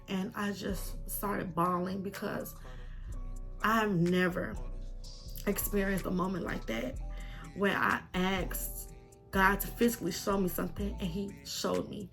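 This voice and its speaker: A young woman vlogger shares a heartfelt, emotional testimony, tearful with a crackling voice and often calling her viewers "y'all." Her voice is medium-pitched and creaky.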